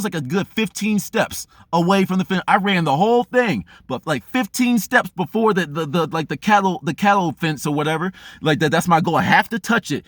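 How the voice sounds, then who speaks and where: A man's voice: high voice, fairly bright tone, no room sound, studio quality. A man giving a blunt, profane motivational monologue as a vlogger, unscripted and intense. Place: remote outdoor spot.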